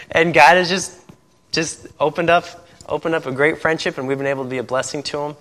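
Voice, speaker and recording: A man's voice: on the high side, fast talker, sharp tone. A man from Indiana, a missionary pastor, telling stories in a sermon and laughing often at them. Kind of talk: sermon storytelling. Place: church. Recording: long reverb of a church hall.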